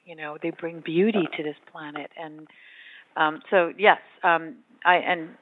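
A woman's voice: deep voice, steady tone, a little slow. A woman author, a guest on the show, talking about spiritual matters in an earnest way. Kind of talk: casual conversation. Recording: tinny phone-line sound.

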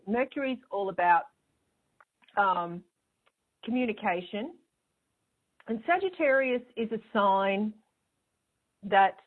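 A woman hosting an astrology show, explaining in a chatty, rambling way with a smile in her voice. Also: fairly high pitch. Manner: chatty, rambling, with fillers and restarts; smiling as she talks. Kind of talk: casual spoken explanation. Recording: tinny phone-line sound.

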